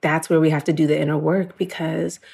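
A woman's voice: low-pitched, flat delivery, fairly quick, creaky, a little mellow, breathy edge. A woman telling an emotional personal story in an earnest, conversational way, full of "like" and quoting her own thoughts. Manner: earnest, emotional, fillers of "like", quotes herself.

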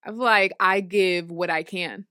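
A young woman talking as a guest in a casual studio chat, telling stories in a quick, chatty way. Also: on the low side, bright, forceful tone, no room sound.

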